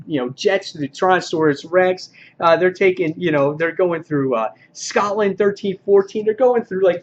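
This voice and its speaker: A man giving a casual comic book review, excitable and loose, acting out characters' lines with mild swearing. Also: on the high side. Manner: excitable, acts out characters' quotes; lots of fillers and restarts, mild swearing. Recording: dull lo-fi sound with faint noise.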